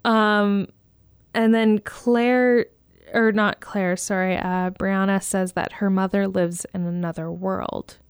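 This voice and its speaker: A woman's voice: mid-range voice, level tone, takes it slowly, clean tone, no echo, clean studio sound. A woman co-hosting a casual TV recap chat, talking in a chatty, hesitant way with plenty of fillers. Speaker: podcast co-host.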